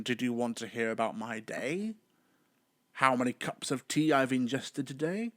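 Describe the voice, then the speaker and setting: A man's voice: mid-range voice, expressive, normal speed, fairly bright tone, no room sound, studio quality. A young British man hosting his own podcast, rambling in a chatty way with sudden theatrical outbursts. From Britain. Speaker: podcast host. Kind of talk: solo podcast chat.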